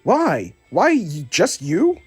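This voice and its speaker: A man's voice: sits high, wildly swooping pitch, slow pace, breathy edge, soft background music, exaggerated voice. A man doing a proud, touchy space ranger toy. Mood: indignant. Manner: declaring, retorting.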